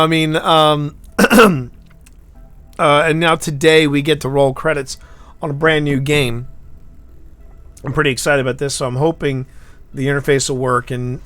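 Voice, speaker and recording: A man hosting a live stream, chatting casually and telling a rambling story with halting restarts, swinging from loud to hushed. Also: medium pitch, clean tone, dry recording. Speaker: livestream host.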